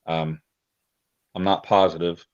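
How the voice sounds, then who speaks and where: A man with an Indiana accent speaks as a guest over a video call, hesitant and full of ums and restarts. His voice is very low. The call audio is dull and lo-fi. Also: little pitch movement, a little slow, smooth. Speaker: guest, militia member.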